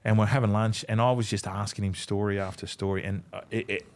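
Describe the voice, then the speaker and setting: This middle-aged Australian, once a rugby league footballer, talks fast in a lowish, level, somewhat dark voice. As a podcast guest he tells stories in a relaxed chat, swearing freely and voicing other people's lines.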